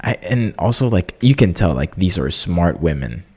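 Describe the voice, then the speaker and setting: Low-voiced man chatting on his solo podcast. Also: moderate pace, slightly rough. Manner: animated, jokey, many fillers, squeaky excited impressions. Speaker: podcast host. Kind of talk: casual solo podcast chat.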